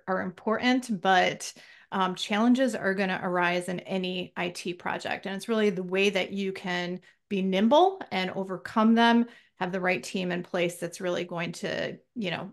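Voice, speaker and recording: A woman guest on a live talk show, talking casually and with amusement, using many fillers, over a video call. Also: medium pitch. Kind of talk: interview talk.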